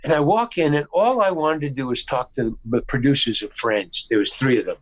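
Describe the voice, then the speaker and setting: American man spinning an animated anecdote. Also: mid-range voice, brisk, no echo, low-quality recording. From United States. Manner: animated anecdote-telling with restarts and acted-out quotes. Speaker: guest actor. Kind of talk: casual storytelling interview. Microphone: video call.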